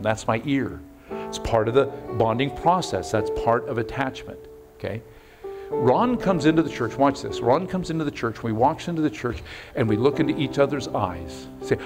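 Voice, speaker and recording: A middle-aged man preaching as pastor in a church, talking conversationally and animatedly, with sudden loud bursts and hushed, intimate moments. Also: mid-range voice, gravelly. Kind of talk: sermon. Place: church sanctuary.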